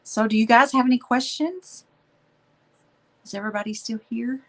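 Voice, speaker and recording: A woman's voice: on the high side, normal speed. Chatty woman signing off a stream. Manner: warm, affectionate, chatty, says y'all. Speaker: live painting stream host. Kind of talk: casual live-stream chat.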